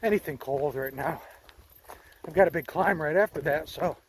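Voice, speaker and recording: A man with a somewhat high voice talks casually to his handheld camera while out hiking. He is chatty and upbeat, and the recording carries a faint outdoor hiss of nature around him. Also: moderate pace. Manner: chatty, upbeat, easily moved. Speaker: long-distance hiker vlogger. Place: outdoors on a forest trail.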